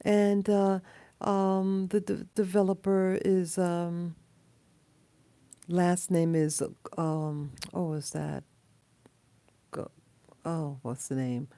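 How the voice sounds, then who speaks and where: Slow, low-voiced woman rambling. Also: steady tone, dark tone, no echo. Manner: rambling, halting with many fillers and restarts. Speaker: video blogger. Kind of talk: casual monologue to camera.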